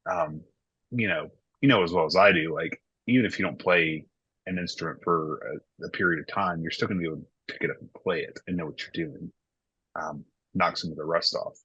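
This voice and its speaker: A man in his thirties speaks with a low, forceful voice, talking candidly and reflectively as a worship pastor in a casual podcast conversation. His tone is slightly husky. The recording is dull and lo-fi, with a dry sound. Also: brisk, no echo.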